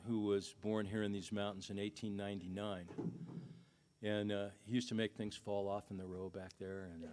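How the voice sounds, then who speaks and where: A middle-aged man, a singer-songwriter, telling a folksy family story between songs at a concert, chuckling now and then. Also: on the low side.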